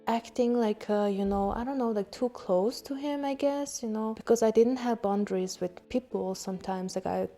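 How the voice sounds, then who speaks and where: Young woman, podcast host, candid storytelling, frequent swearing, mellow tone, faint music underneath. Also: a little high, moderate pace, few pauses. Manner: frank, swears often, laughs at herself.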